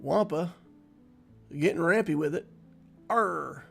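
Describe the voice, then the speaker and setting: A man streaming a game with a high, gravelly voice, unhurried as he banters with his chat and breaks into laughter often. Faint music plays behind him. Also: a bit bright. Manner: playful, chatting with viewers and laughing easily. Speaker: gaming streamer. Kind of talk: casual live-stream game commentary.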